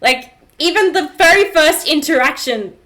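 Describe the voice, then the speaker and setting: A woman with a blocked nose chatting casually and excitably on a live-streamed podcast, giggling and swearing a lot. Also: high voice, moderate pace. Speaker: podcast co-host. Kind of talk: casual chat about a show.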